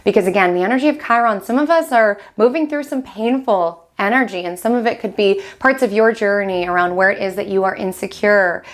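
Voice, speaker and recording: A woman hosts a weekly astrology forecast in a casual, animated monologue. She tells a story and slips into quoted inner thoughts. Her voice sits at a middle pitch. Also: brisk, few pauses.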